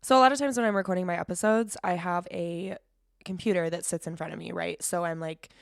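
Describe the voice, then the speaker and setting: A young woman talks through her solo podcast in a loose, rambling way, swearing freely and breaking into quick laughs. Her voice sits a little low. The sound is dry and close, with no room echo. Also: fairly even intonation, gravelly. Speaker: podcast host. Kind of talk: casual solo podcast chat.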